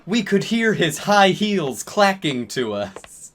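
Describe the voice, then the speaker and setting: A man narrating a comedic story reading with a mock-dramatic, drawn-out delivery. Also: high-pitched, very animated, a bit bright.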